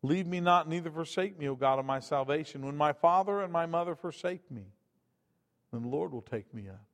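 Delivering a sermon briskly in a large hall, a man swings dynamically from loud, emphatic outbursts to quiet, low asides.

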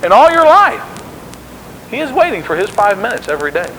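A man's voice: high voice, sing-song, fairly quick, pushed and bright, a little hiss or hum, rough recording. A man preaching a sermon in an emphatic, conversational way, acting out the quotes he tells.

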